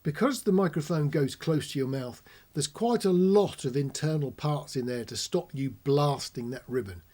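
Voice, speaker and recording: Man, dark, husky voice, chatty technical explainer, close mic. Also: a little high, moderate pace. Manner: chatty, demonstrates whispering and shouting into the mic. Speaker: host demonstrating audio gear. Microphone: close ribbon commentary mic.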